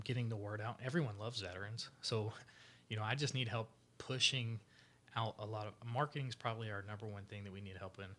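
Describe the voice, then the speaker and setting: Lower-voiced man telling a story. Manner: animated storyteller, loosely phrased with fillers. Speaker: podcast guest, veteran charity founder. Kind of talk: casual storytelling interview.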